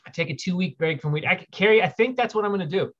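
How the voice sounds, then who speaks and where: A man's voice: high voice, fast talker, fairly bright tone. Rambling man hosting a casual stream. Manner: rambling, reads viewer questions aloud, frequent fillers. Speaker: livestream host. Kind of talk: casual livestream chat. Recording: dull lo-fi stream audio.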